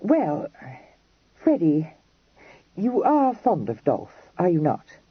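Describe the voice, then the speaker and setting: A man's voice: high-pitched, huge pitch swings, takes it slowly, husky, dry recording, pitched above the performer's own voice, heavily acted. A man voicing an earnest, impulsive young Regency lady who talks in a breathless, pleading way in an audiobook. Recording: dry, dull lo-fi recording.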